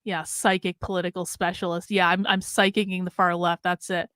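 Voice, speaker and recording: A woman's voice: fairly low pitch, little pitch movement, a little fast, a bit bright, dry recording, studio quality. A woman streaming a casual, candid monologue, swearing freely and laughing often, with an American accent. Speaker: streamer and commentator.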